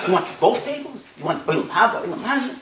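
An elderly sage with a gently teasing, reassuring manner, as a man puts him on. His voice sits high and swings widely in pitch. The room around him is echoey. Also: very animated, fast talker, a little hiss or hum, exaggerated voice. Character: elderly male sage consoling a friend.

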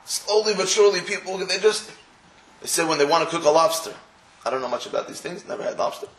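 A man delivers a sermon as a string of stories, acting out the people he quotes and dropping in Hebrew and Yiddish words. His voice sits high for a man. The room around him rings with echo. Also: lively intonation, fast, fairly bright tone. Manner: storytelling, acts out quoted voices; mixes Hebrew and Yiddish terms. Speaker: religious speaker. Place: room in England.

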